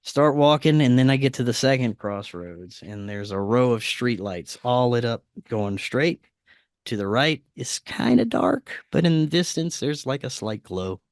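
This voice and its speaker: A man, a podcast guest, telling a personal story casually, dropping to a quieter voice when he quotes what was said. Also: mid-range voice, unhurried, no room sound, studio quality. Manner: acts out quoted dialogue in a quieter voice; frequent fillers and restarts, animated retelling.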